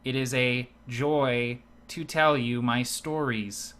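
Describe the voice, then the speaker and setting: A man's voice: medium pitch, slow, clean tone. A man voicing a dull male dwarf bard who speaks with no inflection or weight to his words. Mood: droning. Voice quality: flat, no inflection, droning.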